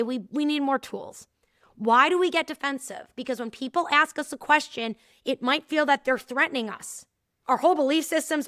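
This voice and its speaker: Bright, lively woman telling stories. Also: high voice, dry recording, studio quality. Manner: lively storytelling, acting out quoted dialogue. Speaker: podcast host. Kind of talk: casual solo talk with anecdotes.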